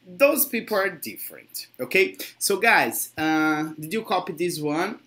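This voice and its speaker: An English teacher with a Brazilian Portuguese accent and native Portuguese, giving an online lesson, encouraging and quick to laugh. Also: medium pitch, very animated, bright, forceful tone. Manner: encouraging, laughs often, slow explanations.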